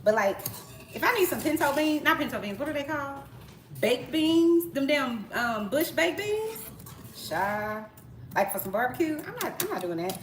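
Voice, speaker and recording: A woman's voice: high voice, sing-song, brisk, a little hiss or hum. A woman in her thirties chatting casually through a home cooking live stream, slangy and full of asides and rhetorical questions. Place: home kitchen. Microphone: tablet propped on the counter. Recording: echoey kitchen with cooking clatter. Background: clatter of pots, utensils and stirring.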